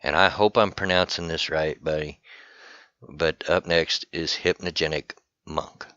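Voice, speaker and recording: A man hosting a channel, rambling casually through shoutouts to other creators. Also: rumbling low, fairly even intonation, a little slow, dry recording, lo-fi sound. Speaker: channel host giving shoutouts.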